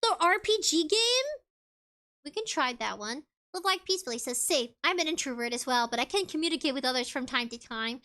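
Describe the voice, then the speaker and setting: A woman's voice: high voice, lively intonation, fairly quick, pushed and bright. A woman VTuber chatting casually on a livestream, reading viewer comments aloud in a bubbly, giggly way. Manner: bubbly and giggly, with frequent laughs. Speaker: VTuber streamer.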